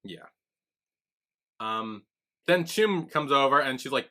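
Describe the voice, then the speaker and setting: A man's voice: medium pitch, lively intonation, takes it slowly, bright, forceful tone. A man co-hosting a podcast, casually retelling scenes and acting out the characters' lines with frequent laughs. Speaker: podcast co-host. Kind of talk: casual recap chat.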